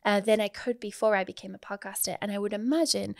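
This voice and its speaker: A woman hosting a podcast interview, eager and curious as she asks her questions. Her mid-range voice has a noticeable gravelly fry. The recording is close and dry, with no room sound. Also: mid-range voice, steady tone, quick pace, no room sound. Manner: enthusiastic and inquisitive, with frequent affirmations. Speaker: podcast host. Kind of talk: interview conversation.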